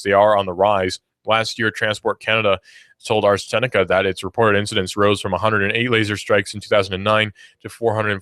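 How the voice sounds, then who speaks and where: The sound is studio quality and echo-free as a young radio host from Georgia, with a lowish, sharp-toned voice, chats casually about the station lineup. He also reads news items, tossing in self-deprecating remarks.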